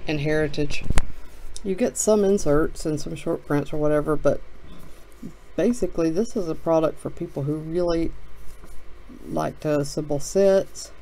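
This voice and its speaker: A woman's voice: low voice, moderate pace, pauses often, warm tone, slight background noise, low-quality recording. A sick woman talking around a cough drop while casually calling out card names as she opens a box. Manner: muttering, reading names aloud. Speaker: card break host. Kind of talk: casual box-break commentary.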